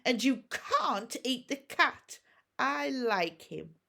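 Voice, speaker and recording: A woman voicing a timid, earnest young Viking boy trying to stay calm. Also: high voice, slow, creaky, voice pushed up, full character voice. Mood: strained. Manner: strained, earnest.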